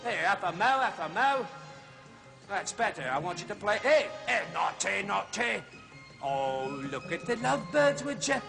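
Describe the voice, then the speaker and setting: Heavily acted, with music behind him, a high-pitched, very animated, creaky voice at normal speed portrays a chummy zoo film host. The character is a jolly, blustering zookeeper safari host in a TV comedy sketch, chattering, chuckling and slightly breathless.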